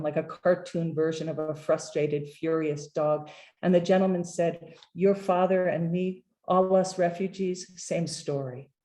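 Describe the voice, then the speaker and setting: Woman poet, middle-aged; careful, measured poetry reading with hesitant asides. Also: deep voice, a little mellow. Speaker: poet reading at her book launch.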